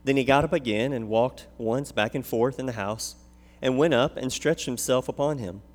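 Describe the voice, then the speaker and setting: Earnest pastor reading in a hall. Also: male voice, medium pitch, normal speed. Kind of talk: scripture reading and prayer. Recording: long hall reverb.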